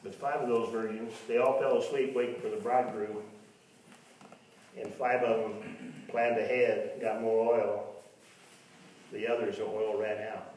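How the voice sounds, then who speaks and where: A man's voice: flat delivery, a little slow, pauses often, darkish tone, a little hiss or hum. Man, preacher, sermon, mocking asides, distant mic, echoey church hall. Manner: mocks imagined doubters in a high voice.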